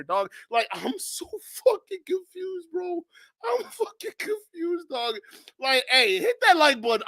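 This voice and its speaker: High-voiced guy reacting to a clip, laughing and yelling, cussing a lot, bright dry sound. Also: dry recording. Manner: laughs loudly, shouts in disbelief, swears; blunt street slang, addresses viewers directly. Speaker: reaction video host. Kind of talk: reaction commentary.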